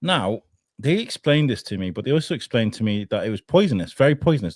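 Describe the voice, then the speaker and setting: Lively English man telling a story. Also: mid-range voice, fast, dry recording, studio quality. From England. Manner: rambling, self-mocking storyteller who swears and laughs. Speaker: podcaster guest. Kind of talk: casual anecdote in an interview.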